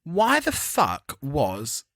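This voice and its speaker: A British man co-hosting a chatty podcast, camp and sarcastic, with quick bursts of mimicry. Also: a little high, huge pitch swings, sharp tone, no echo, clean studio sound. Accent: British English. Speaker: podcast co-host. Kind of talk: casual chat.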